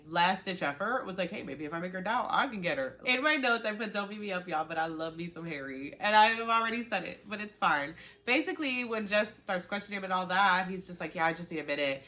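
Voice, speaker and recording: Chatty young woman with a low voice. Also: brisk. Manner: chatty and animated, lots of "like" and quoted reactions. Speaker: reality TV recap host. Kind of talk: casual recap chat.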